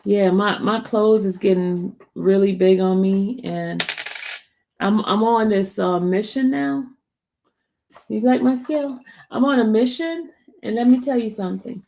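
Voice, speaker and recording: A woman's voice: mid-range voice, measured pace, creaky, warm tone, a little hiss or hum, low-quality recording. A woman vlogger chatting casually to her viewers, rambling and answering comments from live chat.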